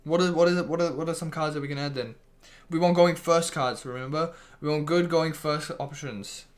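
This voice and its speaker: Speaking a little fast in a slightly high voice with fairly even intonation, a man chats casually with viewers while streaming a card game. He reads their messages aloud, often restarts his sentences, and swears casually.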